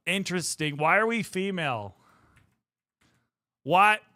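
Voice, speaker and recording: A young streamer, slightly out of breath, talks playfully to his chat during a casual livestream. His high-leaning voice is animated but unhurried, pausing often, with a pushed, bright quality in a dry, studio-quality recording.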